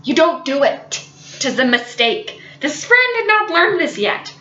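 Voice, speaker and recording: A young woman, a college student, telling a funny story in an animated, dramatic way. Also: high-pitched, measured pace, reverberant, muffled recording, a little hiss or hum. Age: young adult. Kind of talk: storytelling vlog.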